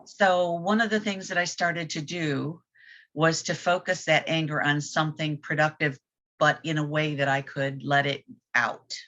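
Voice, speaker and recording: A woman's voice: sits low, steady tone, unhurried, fairly bright tone. A woman in a casual group chat, speaking candidly and reflectively in plain words. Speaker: group discussion participant. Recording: dull lo-fi audio.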